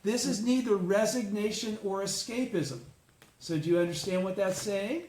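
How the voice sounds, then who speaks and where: Man, high voice, leads a casual study group, blunt and teaching, echoey room. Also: normal speed, a little mellow, a little hiss or hum. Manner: explains a text, checks in with listeners. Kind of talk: informal religious study talk. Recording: roomy echo.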